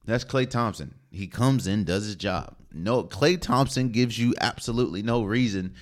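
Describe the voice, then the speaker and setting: A man's voice: lowish voice, normal speed. A young man hosting a solo sports podcast, talking in a casual, slangy, opinionated way. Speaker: podcast host.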